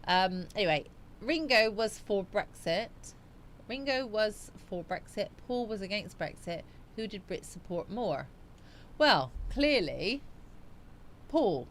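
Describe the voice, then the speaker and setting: A woman hosting a relaxed live chat stream, reading her viewers' comments and chatting back to them. Her delivery is loose and meandering, with frequent fillers and thinking out loud. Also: mid-range voice, takes it slowly, a little hiss or hum. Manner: chatty and rambling, musing aloud with frequent fillers. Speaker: livestream host.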